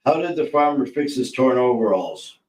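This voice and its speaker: A man co-hosting a casual livestream, rambling warmly between corny jokes and shout-outs to viewers. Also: medium pitch, lively intonation, moderate pace, reverberant, distant mic, low-quality recording. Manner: rambling, joke-telling, laughs easily. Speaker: livestream co-host.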